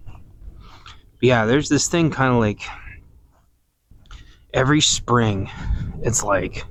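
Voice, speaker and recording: A man rambling through a casual podcast while out working in his orchard. He talks slowly in a middle-pitched voice, musing and meandering and stopping to search for words. The sound is close and dry. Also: dry recording. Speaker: podcast host. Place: outdoors in a garden orchard.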